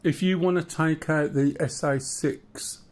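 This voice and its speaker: A man hosting a live flight simulator stream. He chats casually, calls out threats to his teammate, teases, and often pauses on fillers. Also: fairly high pitch, fairly even intonation, darkish tone. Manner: chatty, teasing, with hesitant fillers. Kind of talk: casual live-stream chat while calling out targets.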